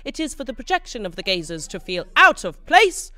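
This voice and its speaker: A woman performing spoken word poetry, slow and lyrical, repeating phrases. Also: mid-range voice, big pitch swings, bright, forceful tone, no echo.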